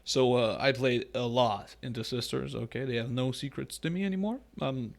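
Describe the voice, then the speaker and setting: A man co-hosting a podcast in casual chat, animated and joking, teasing his co-host. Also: mid-range voice, normal speed, creaky.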